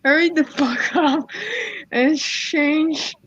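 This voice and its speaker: A woman's voice: high voice, steady tone, very slow, a bit bright, no echo, muffled recording, exaggerated voice. A woman voicing a rude, entitled female customer who shrieks and swears as she demands a refund. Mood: annoyed.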